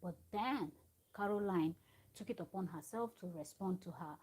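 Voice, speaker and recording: Her voice sits on the low side, a little mellow with a breathy edge, at a moderate pace. Live-streaming from home through a live-stream microphone, she recaps a reality show chattily, wandering into digressions and asides for her viewers.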